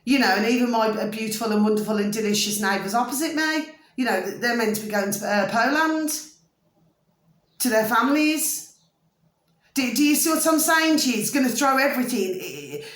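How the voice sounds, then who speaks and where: A middle-aged woman talks on and on in a rambling vlog, pitched a little high and forever checking that the listener follows her. Her voice bounces around a hard, echoey room at home. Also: animated, brisk. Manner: rambling, repeatedly asks "do you see what I mean". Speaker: vlogger. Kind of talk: casual monologue to camera.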